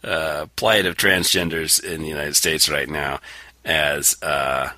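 A man's voice: extremely low pitch, fairly even intonation, takes it slowly, pushed and bright, dry recording. A man co-hosting a podcast, riffing with dry sarcasm in casual chat. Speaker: podcast co-host. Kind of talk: casual comedic commentary.

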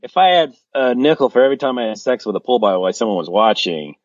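A man's voice: medium pitch, expressive, fast talker. A man hosting a podcast in casual comedic chat, delivering dry, sarcastic jokes. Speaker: podcast host. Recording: dull lo-fi sound.

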